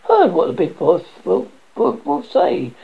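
A woman's voice: on the low side, wildly swooping pitch, measured pace, vocal fry, breathy edge, voice pushed up, full character voice. A woman voicing a stubborn, scornful male pig on a jury, ranting at the others. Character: stubborn loud-mouthed male pig juror. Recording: dull lo-fi recording.

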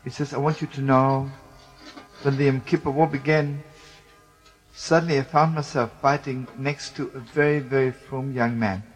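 A man telling a wartime story, swinging from loud outbursts to hushed speech, with Yiddish and Hebrew words. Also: medium pitch, fairly even intonation, moderate pace, faint music behind, poor audio. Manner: emotional, shifts between loud exclamations and hushed speech.

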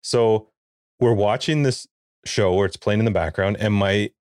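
On a podcast, a man in his forties with a low voice spins a family story in casual chat, animatedly acting out what everyone said. He's the co-host, speaking at a moderate pace, and the recording is dry and close with no room sound at all.

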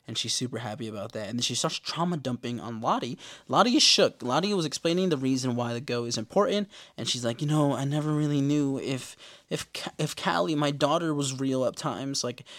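A man casually recapping television episodes in a slangy, laid-back way with quick asides. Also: mid-range voice, a bit bright.

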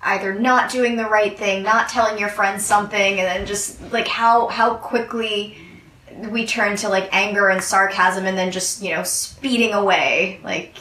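A woman's voice: mid-range voice, steady tone, measured pace. A woman talking in a casual book discussion, thoughtful and hesitant, often restarting her sentences. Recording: bright echoey room, far from the mic, faint noise.

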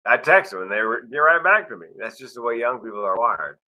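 A man's voice: medium pitch, expressive, fast, bright, forceful tone, rough recording. A middle-aged man, a guest speaker, telling wry personal stories and acting out dialogue. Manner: wry storyteller who acts out dialogue. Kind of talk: storytelling interview.

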